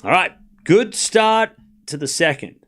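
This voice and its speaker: Lively, chatty male stream host. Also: high voice. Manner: chatty, talks straight to his live chat, with quick asides and restarts. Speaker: host of a live tennis watchalong stream. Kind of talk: casual live commentary and chat with viewers.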